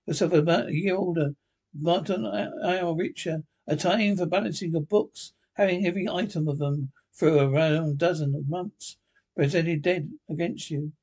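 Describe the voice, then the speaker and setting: A man voicing a bitter, miserly old man who speaks in a curt, cold, indignant way, with a husky voice. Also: on the high side, steady tone, normal speed, a little mellow.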